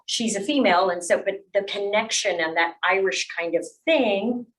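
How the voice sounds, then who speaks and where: A woman on a webinar panel, telling a work anecdote in a lively way. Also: on the low side, far from the mic, low-quality recording.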